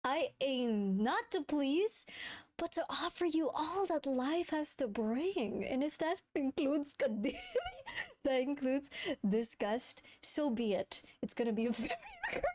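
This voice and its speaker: A woman's voice: sits high, big pitch swings, unhurried, darkish tone. A young woman streaming, chatting casually with her viewers, giggling often and swearing freely. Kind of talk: casual chat reading viewer messages.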